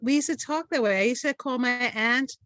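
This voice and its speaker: A woman with a Brooklyn accent, co-hosting a casual chat and telling stories, loudly acting out the people she quotes. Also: on the high side, brisk, no room sound. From Brooklyn, New York. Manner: animated, acts out quotes loudly. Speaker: co-host.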